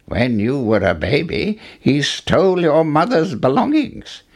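Brief: male narrator as a solemn old stranger from a fairy tale, slow and earnest. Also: a little high, huge pitch swings, pitched above the performer's own voice, heavily acted. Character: mysterious old man, wise and solemn.

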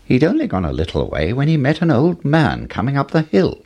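Deep husky guy reading a fairy tale, voice goes all over the place. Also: brisk, highs cut off. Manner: expressive storytelling. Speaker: storyteller. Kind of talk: scripted fairy tale narration.

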